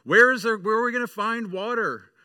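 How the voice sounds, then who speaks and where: Whiny, wailing crowd, pitched way up, acted by a man preaching. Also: fairly quick, pushed and bright, clear, resonant tone, no room sound, studio quality. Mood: whining. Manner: wailing, complaining. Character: whiny frightened crowd of wandering adults.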